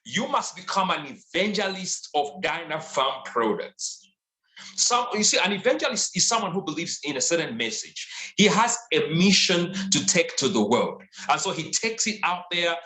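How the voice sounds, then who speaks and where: A man's voice: fairly high pitch, sing-song, normal speed, pushed and bright, echoey room, poor audio. A man from Zambia, giving a motivational sales training talk with emphatic, repetitive exhortations. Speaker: sales and leadership trainer, guest speaker.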